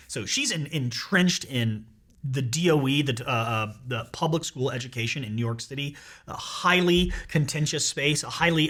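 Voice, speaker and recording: A man in his forties with a bright, forceful voice, telling a personal story in a casual, meandering way. He doubles back often, with plenty of fillers and quick restarts. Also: on the high side. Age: 40s. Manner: candid and rambling, with many fillers and restarts. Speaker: worship pastor and podcast host.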